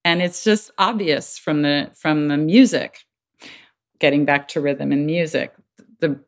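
Low-voiced earnest woman guest. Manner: earnest, acts out quoted voices with big pitch jumps. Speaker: podcast guest, child advocate. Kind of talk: conversational interview talk.

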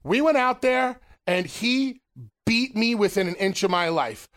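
Guy on a podcast, high voice, telling a rowdy story with swearing. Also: measured pace. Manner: animated storyteller, swears freely. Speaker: co-host, former wrestler.

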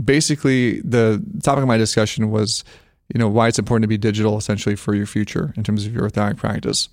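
Male podcast guest, low-pitched, rapid casual delivery, dry sound. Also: no room sound. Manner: quick, relaxed and conversational. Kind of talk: casual chat.

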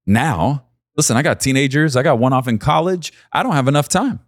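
A man in his forties preaching a sermon, talking to his listeners directly and pushing his voice up high and loud when he urges them on. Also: fairly quick, no echo, studio quality. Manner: emphatic, rises to high excited peaks when urging listeners.

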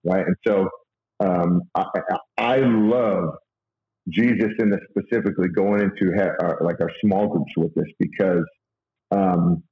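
An earnest man talks things through in a lowish voice, stopping and restarting often. The recording is roomy and has a dull, lo-fi tone. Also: fairly even intonation. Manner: halting, many fillers and restarts, earnest. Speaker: guest sharing faith and money advice. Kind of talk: casual conversational talk.

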